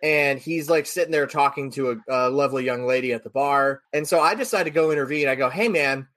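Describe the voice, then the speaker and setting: A man on a podcast telling a story in a casual, animated way, acting out the people he quotes. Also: mid-range voice, quick pace.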